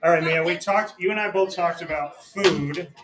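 A man's voice: fairly high pitch, moderate pace, crowd noise. A young man hosting a casual interview at a restaurant, joking and teasing as he tells stories. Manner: joking, teasing, animated storyteller. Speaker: radio show host.

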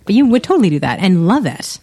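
A woman co-hosting a casual podcast, chiming in quickly and agreeably. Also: medium pitch, very animated, warm tone. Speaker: podcast co-host and pediatrician.

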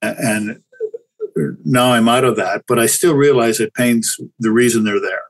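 A man's voice: mid-range voice, steady tone, normal speed, poor audio. An older man, a chiropractor guest, talking candidly and reflectively in a casual interview, often restarting his sentences. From Canada.

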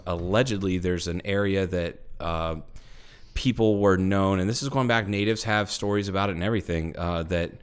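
A deep, smooth-voiced man, talking loosely and rambling. He restarts his sentences often and swears freely while he tells a story to his co-host in a casual podcast chat. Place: airplane hangar at night.

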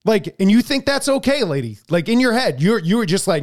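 A man's voice: high-pitched, very animated, brisk, hardly any pauses. A man co-hosting a casual political podcast, talking in a heated, profane way and often repeating words as he stumbles. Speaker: podcast co-host.

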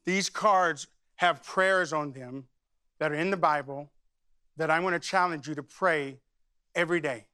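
High, bright-voiced pastor preaching. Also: male voice, unhurried, smooth, no room sound, studio quality. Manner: conversational storytelling that rises into fervent praying. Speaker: senior pastor. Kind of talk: sermon with spoken prayer. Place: church sanctuary.

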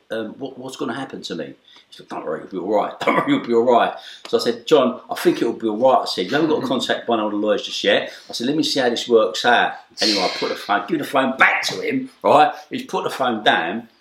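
A man's voice: medium pitch, animated, quick pace. A middle-aged man telling a story as an interview guest, acting out the voices and swearing casually. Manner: acts out quoted voices, swings from loud shouts to hushed asides; streetwise, swearing, repeated "right?". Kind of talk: animated storytelling. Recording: echoey room.

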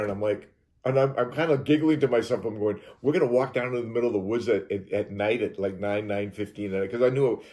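A man's voice: fairly low pitch, mellow. A man from Utah telling a strange personal story as an interview guest, acting out sounds and quoted lines with frequent restarts. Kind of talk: animated storytelling.

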